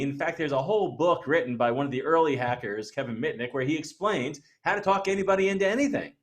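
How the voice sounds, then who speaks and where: Man giving a conversational webinar talk. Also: medium pitch. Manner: conversational, poses rhetorical questions to listeners. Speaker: presenter. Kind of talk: webinar presentation.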